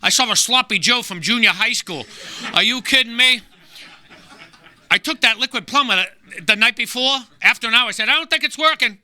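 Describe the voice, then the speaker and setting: Stand-up comic guy, sharp bright voice, pretty high, gruff jokey storytelling. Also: moderate pace, no echo. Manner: gruff, wisecracking storyteller who slips into voices. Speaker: guest comedian. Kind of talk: stand-up comedy set. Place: small live venue.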